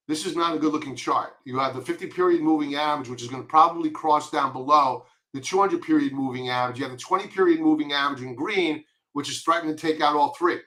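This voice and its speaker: A man's voice: a little high, fairly even intonation, a little fast, bright, forceful tone. A man with a Long Island accent giving blunt, emphatic stock chart commentary, repeating his warnings. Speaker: market commentator.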